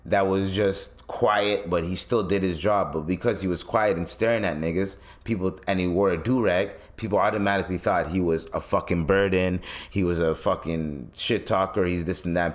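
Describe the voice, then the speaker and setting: A man from East Africa, hosting a podcast and telling stories in a profane, animated rant. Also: low voice, normal speed. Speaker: podcast host.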